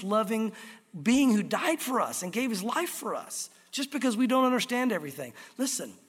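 A man's voice: high voice, husky, long reverb tail. A man preaching a sermon as pastor, earnest and direct, driving points home with repetition.

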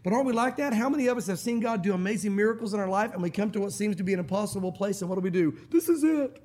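High-pitched middle-aged guy preaching, animated, does little voices for the people he quotes. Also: racing. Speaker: pastor. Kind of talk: sermon.

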